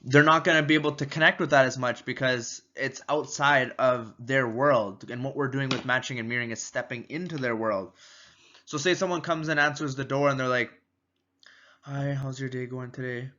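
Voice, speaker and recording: A man giving a casual, energetic training talk on rapport, repeating his points and acting out short door-step exchanges. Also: mid-range voice, a little fast, dull audio. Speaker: sales and marketing trainer. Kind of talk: casual teaching video.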